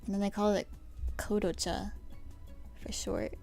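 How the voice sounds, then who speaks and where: A young woman livestreaming from her desk at home, chatting casually with her viewers, giggling often and sometimes dropping to a soft whisper. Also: mid-range voice, sing-song, a little slow, vocal fry, long pauses. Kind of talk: casual chat answering a live chat. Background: faint stream music.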